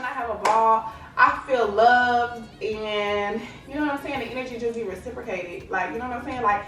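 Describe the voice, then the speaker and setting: A woman's voice: a little high, noisy background. A young woman from Texas, chatting casually to camera as a vlogger and filling her talk with "like" and "you know what I'm saying". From Lubbock, Texas. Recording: echoey room, distant mic, faint ambience.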